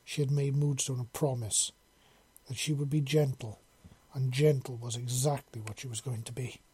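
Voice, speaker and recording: A man narrating a storybook chapter in a calm, unhurried, even way. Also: mid-range voice, slightly rough. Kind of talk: storybook reading.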